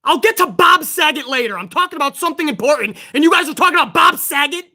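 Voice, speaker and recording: Heated wrestling-stream host ranting, high sharp voice, lots of cursing. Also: quick pace. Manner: excitable. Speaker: host of a pro wrestling livestream. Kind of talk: livestream rant.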